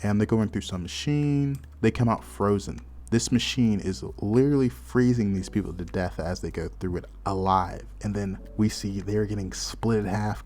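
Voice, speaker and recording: A man's voice: fairly low pitch, moderate pace, hardly any pauses, a little mellow. A man casually retelling a horror manga's plot, adding his own asides along the way. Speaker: manga reviewer. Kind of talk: casual storytelling recap.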